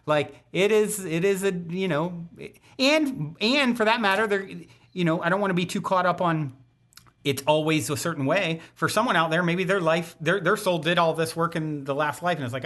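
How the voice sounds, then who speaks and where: A man's voice: on the high side, a little fast, a bit bright. A man hosting a podcast, talking loosely in a rambling way with many restarts. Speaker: podcast host. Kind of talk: conversational podcast interview.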